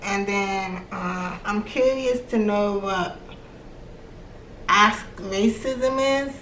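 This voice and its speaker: A woman's voice: mid-range voice, drawn-out words, fairly bright tone. Young american woman vlogging, atlanta-virginia-new york accent, chatty and slangy, echoey room with faint noise behind. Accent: American, mix of Atlanta, Virginia and New York. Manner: chatty and slangy, voicing her own reactions. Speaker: book review vlogger. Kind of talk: casual chat. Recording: roomy echo with faint background noise.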